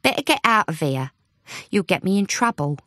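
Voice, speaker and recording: A woman's voice: mid-range voice, very animated, normal speed, bright, forceful tone, no echo, studio quality. A woman voicing a wry, gossipy older housekeeper who talks in a knowing, motherly way. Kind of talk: audiobook character voice.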